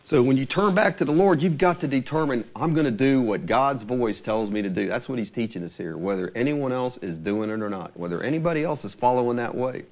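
A man preaching a sermon in a conversational way, slowing right down to stress scripture phrases and acting out the voices he quotes, with light laughs between points. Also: medium pitch, animated, a little mellow.

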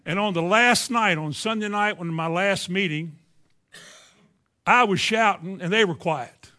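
A preacher tells a story from the pulpit, with a voice a little higher than most men's. He stammers on some words and starts lines over as he goes. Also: a little slow, sharp tone. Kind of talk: sermon with personal testimony.

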